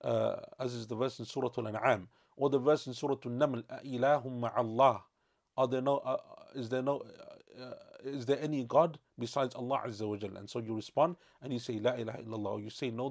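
A man gives a religious lecture in a gravelly, fry-tinged voice at a middling pitch. He explains step by step and often stops to rephrase or correct himself. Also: darkish tone. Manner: measured explaining with frequent self-corrections. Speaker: Islamic studies teacher.

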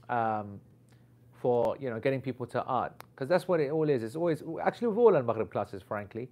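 A man of ordinary pitch tells a casual, rambling anecdote. He talks in an animated way and drops slang as he goes. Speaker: Islamic teacher.

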